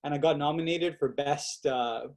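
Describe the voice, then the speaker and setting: Animated young man telling stories. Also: on the high side, moderate pace. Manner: animated, acts out quotes with fillers like "like". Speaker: guest. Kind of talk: casual storytelling chat.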